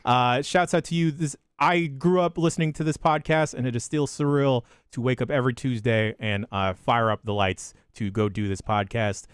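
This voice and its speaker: Dry-voiced man rattling off jokey shout-outs. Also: moderate pace, few pauses, clean tone, dry recording. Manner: deadpan delivery with sudden pitch jumps and crude jokes. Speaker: podcast host reading listener shout-outs. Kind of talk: casual podcast banter, rapid list reading.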